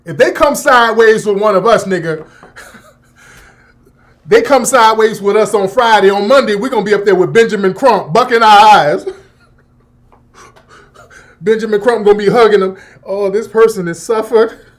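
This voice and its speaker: A man's voice: high-pitched, normal speed, long pauses. A man hosting a talk radio show, delivering a profane, opinionated monologue with laughter and mocking asides. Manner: profane, animated, laughing, with mocking put-on voices.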